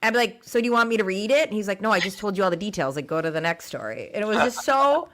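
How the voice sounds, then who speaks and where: A woman's voice: mid-range voice, lively intonation, rapid-fire, a bit bright. A woman co-hosting a podcast, chatting in a rambling way about her grandparents. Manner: chatty, rambling with many fillers and restarts. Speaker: podcast co-host. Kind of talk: casual chat.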